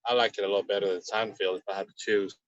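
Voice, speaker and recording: A man hosting a casual podcast chat in a relaxed, sometimes sarcastic manner. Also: on the low side, fast talker, no echo. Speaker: podcast host. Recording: slightly dull, lo-fi.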